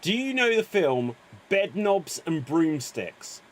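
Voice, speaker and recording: Male improv host, lively intonation, upbeat, encouraging, slightly raised voice. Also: on the high side, takes it slowly. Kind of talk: hosting an improv game.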